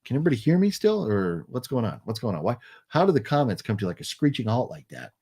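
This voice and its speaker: Rambling, easygoing American livestream host. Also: male voice, medium pitch, big pitch swings, fast talker, dark tone, breathy edge. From United States. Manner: rambling, many fillers and restarts, friendly. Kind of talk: casual live chat reading super chats.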